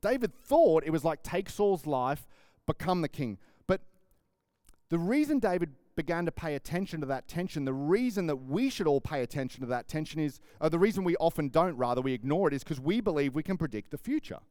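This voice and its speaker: A man preaching a sermon, telling a story and acting out the people in it with lively, conversational energy. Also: on the high side, a little fast, no room sound, clean studio sound. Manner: animated storytelling, acts out quoted lines. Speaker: pastor.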